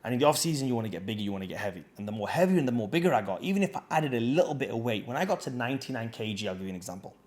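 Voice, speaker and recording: A man's voice: medium pitch, very animated, very fast, few pauses, darkish tone. A man, a fitness coach, talking casually to camera in a slangy, chatty storytelling way.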